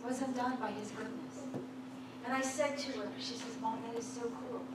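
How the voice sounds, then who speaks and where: A woman preaching a sermon in a church, exuberant and often laughing as she rises toward a near-shout. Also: fairly high pitch, fairly even intonation, normal speed. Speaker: guest preacher. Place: church sanctuary. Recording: echoey church hall, distant mic, background noise.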